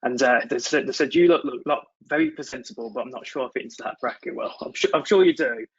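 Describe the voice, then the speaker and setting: Husky, hesitant male moderator. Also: medium pitch, animated, quick pace, lo-fi sound. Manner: hesitant, repeats words. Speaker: webinar moderator. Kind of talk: moderating a panel.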